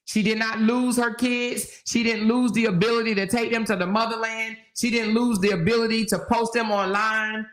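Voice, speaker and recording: A woman's voice: on the high side, normal speed, few pauses. A woman hosting a casual livestream chat, reading viewer comments aloud and laughing often. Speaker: livestream host. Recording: roomy echo.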